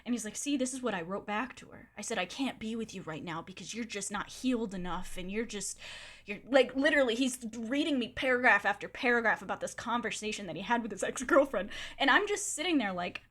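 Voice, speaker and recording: A young woman streamer telling a long personal story in a casual, animated way, acting out quotes and swearing freely. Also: on the high side, fairly quick.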